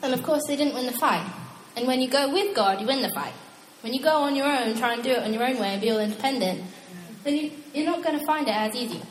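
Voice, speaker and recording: A young woman preaching a casual, animated sermon, chatty and quick to laugh at her own asides. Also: sits high, slight background noise. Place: church hall. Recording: echoey hall with long reverb.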